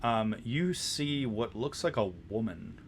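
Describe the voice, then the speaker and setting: A man narrating a tabletop game as dungeon master, describing scenes in a halting way with many restarts. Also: mid-range voice, expressive, slight background noise.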